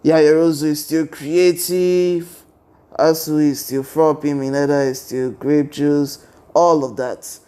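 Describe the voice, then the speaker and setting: A man's voice: a little high, level tone, slow, mellow. A young man casually retelling a fan story, rambling from one event to the next. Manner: rambling, strings events with "and then he's like".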